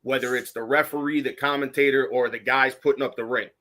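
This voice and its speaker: Casting: young adult man, middle pitch, sincere and reflective co-host, loose chatty fillers. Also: steady tone, brisk, sharp tone. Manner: earnest, reflective, many fillers like "you know" and "like". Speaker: podcast co-host. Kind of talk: casual chat.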